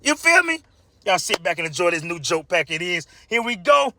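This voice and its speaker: A man's voice: high-pitched, very animated, normal speed, pushed and bright, dry recording, clean studio sound. A man casually telling a pack of jokes, hyped and chatty, laughing at his own punchlines.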